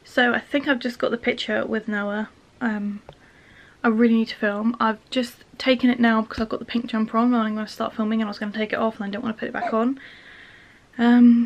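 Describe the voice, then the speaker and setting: A woman's voice: a little high, steady tone, fairly quick, gravelly, a little hiss or hum. A young woman in her twenties chatting casually at home in a vlog, emotional and laughing often. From England. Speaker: vlogger.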